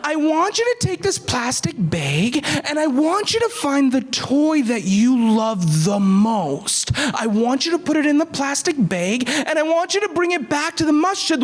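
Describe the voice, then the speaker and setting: A man with a very high voice tells a story to children at an unhurried pace. He plays it for drama, dropping into whispers and rising into loud bursts. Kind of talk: animated storytelling for kids.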